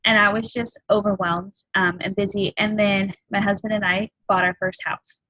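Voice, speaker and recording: A woman in her thirties, a fitness coach, giving a candid and earnest personal testimony on a group call, halting often with ums. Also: mid-range voice, flat delivery, sharp tone, dry recording, low-quality recording. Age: 30s.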